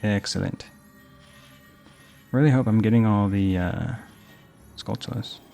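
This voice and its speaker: Young adult male gamer, gravelly low voice, loose rambling commentary with game music underneath. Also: a little slow, mellow. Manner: rambling storytelling while playing. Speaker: gaming host. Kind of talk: casual let's play commentary.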